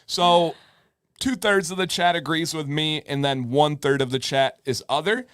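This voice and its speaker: A man's voice: fairly high pitch, steady tone, normal speed, a bit bright, clean tone, dry recording, clean studio sound. A middle-aged man co-hosting a live advice stream, chatting casually and playfully arguing his point. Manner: joking, playfully argumentative. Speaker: podcast co-host.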